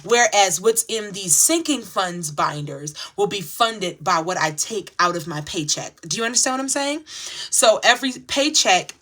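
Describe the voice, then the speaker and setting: A woman's voice: medium pitch, expressive, normal speed, pushed and bright. A woman hosting a casual budgeting vlog, chatty and emotional, talking straight to her viewers as she sorts her cash envelopes. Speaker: channel host sharing her budgeting routine.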